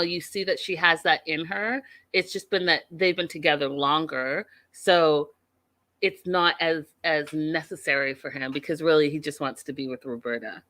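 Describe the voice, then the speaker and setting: A woman with a lowish voice hosts a reality TV recap, blunt and outspoken. Her tone is forceful and pressing as she drives her points home. The sound is dry and close to the mic. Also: no room sound. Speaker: host of a reality TV recap show. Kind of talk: casual opinionated recap talk.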